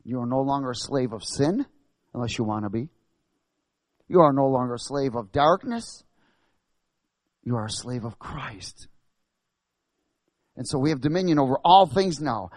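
A man preaching a sermon, asking the congregation questions and building to loud, emphatic bursts. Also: sits high, dry recording.

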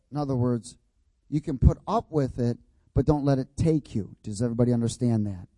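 Speaking fairly quickly in a mid-range, dark voice, this pastor delivers his sermon with forceful repetition. He has the congregation echo his words and checks that everyone has got it, in a dry recording.

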